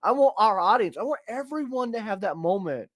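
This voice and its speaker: Brisk and high-pitched with lively intonation, a male podcast co-host goes off about tough love, blunt, emphatic and swearing freely in casual opinionated chat. Clean studio sound, dry recording.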